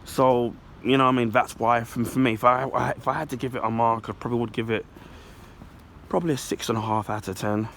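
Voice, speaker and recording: A man with a hoarse, congested voice gives a rambling, self-correcting film review in a casual vlog. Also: mid-range voice.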